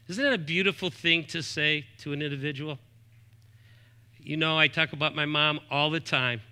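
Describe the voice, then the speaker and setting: A pastor in his fifties preaches a sermon in a slightly high voice, shifting emphatically between raised points and soft asides. He often quotes scripture references aloud.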